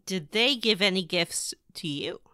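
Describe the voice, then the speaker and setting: A woman on a casual game podcast with a bright, forceful voice and animated pitch swings. She talks playfully and jokes around, recorded dry and close. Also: a little slow, clean tone, dry recording. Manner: playful, jokey, does silly voices in retellings. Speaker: podcast co-host. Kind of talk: casual chat recapping a video game.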